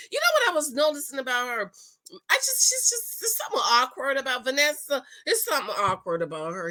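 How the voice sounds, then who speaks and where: A woman hosting a casual reality show recap, gossipy and animated, slipping into quick impressions of the cast. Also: mid-range voice.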